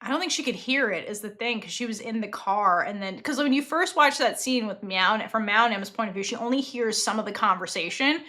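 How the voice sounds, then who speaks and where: A young woman co-hosting a podcast in casual chat, animated and full of fillers, acting out quoted lines as she talks. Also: mid-range voice, brisk, hardly any pauses. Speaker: podcast co-host.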